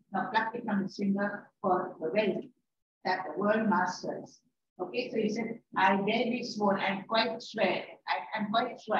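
A woman teacher giving a classroom lecture. She paraphrases the lines she reads, repeats herself and scolds her students. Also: medium pitch. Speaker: English teacher. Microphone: distant room mic. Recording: echoey, distant, dull and noisy.

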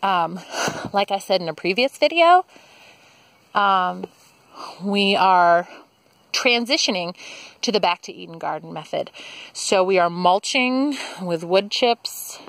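A young woman gives a casual outdoor garden tour, talking into a handheld camera mic with her breathing audible as she walks. Her medium-pitched, fairly bright voice is animated and slow, with frequent pauses and no echo, and she's chatty and enthusiastic about plants.

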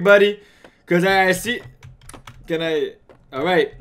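A man giving frantic, excitable gaming commentary and chatting with his viewers as he plays. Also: sits high, normal speed. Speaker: let's play gamer.

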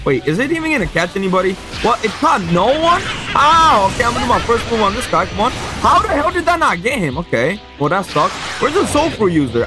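A young man giving live gameplay commentary, excitable, swinging between flat mutters and frustrated shouts. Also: high voice. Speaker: gaming YouTuber. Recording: voice over loud game music. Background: game music.

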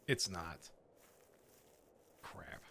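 A man's voice: low voice, lively intonation, extremely slow, vocal fry, sharp tone, a little hiss or hum. A man playing a horror game, nervously commenting, laughing and swearing as he goes. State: scared, on edge. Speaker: gaming channel host.

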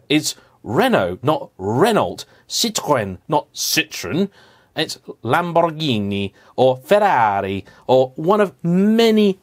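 Animated man ranting about cars. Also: fairly high pitch. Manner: animated, emphatic, playfully indignant. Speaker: car vlogger host. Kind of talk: humorous rant to camera.

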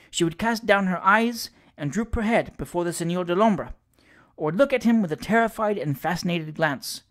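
An audiobook reader narrating a classic ghost story with measured storytelling. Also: mid-range voice. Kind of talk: classic fiction read aloud.

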